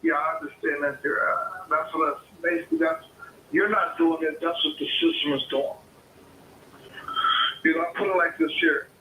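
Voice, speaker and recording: Heated male caller, bright and slightly high voice, profane and repetitive, heard over a roomy phone line with faint hiss. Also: steady tone, moderate pace. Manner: swearing, repetitive, argumentative. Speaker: caller, homeowner. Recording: echoey phone call with faint noise.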